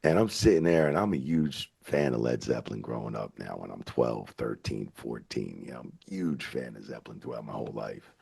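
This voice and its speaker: A man in his fifties, a veteran referee, telling rambling, animated stories with plenty of swearing in a casual interview. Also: rumbling low, fairly quick, vocal fry, few pauses, breathy edge. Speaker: veteran wrestling referee, guest.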